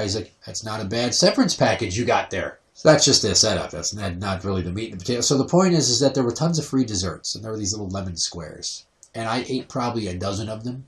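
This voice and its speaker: A man hosting a podcast, telling a comic story and acting out the people in it. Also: lowish voice. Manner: animated, acts out quoted voices. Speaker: podcast host. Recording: roomy, slightly distant from mic.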